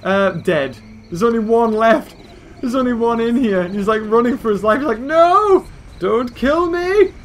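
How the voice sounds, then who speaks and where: A man giving excitable let's-play commentary as a gaming video host, exclaiming at the action on screen. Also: high voice, normal speed, a little hiss or hum.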